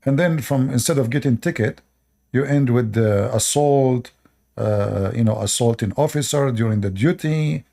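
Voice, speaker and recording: Channel host, male: preachy advice monologue, non-native English, dark mellow tone. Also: medium pitch, moderate pace, creaky. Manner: lecturing, rhetorical questions, repeats short commands.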